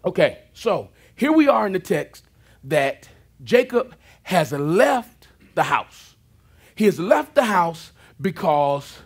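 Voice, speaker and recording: A man preaching a sermon, telling the story with lively asides. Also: high-pitched, breathy edge. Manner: animated storytelling with asides and laughs. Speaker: pastor.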